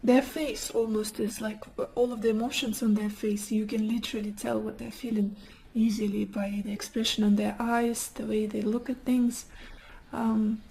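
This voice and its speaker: A woman whose first language is not English reads tarot cards in a soft, emotive way. Her voice sits fairly high but has a mellow, rounded tone. She often sinks into a hushed near whisper as she speaks. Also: little pitch movement, normal speed, creaky, rough recording. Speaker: tarot card reader. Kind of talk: soft-spoken pick-a-card tarot reading.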